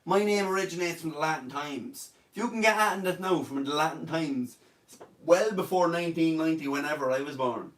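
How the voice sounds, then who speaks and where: Irish man in his thirties, high-ish voice, jokey rambling stream host, echoey room. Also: a little fast, fairly bright tone, far from the mic. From Ireland. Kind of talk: casual live-stream chat.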